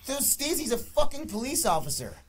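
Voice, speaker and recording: A man's voice: extremely high pitch, wildly swooping pitch, a little fast, husky. A man co-hosting a podcast, ranting in a profane, exasperated way about a movie in casual chat. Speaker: podcast co-host.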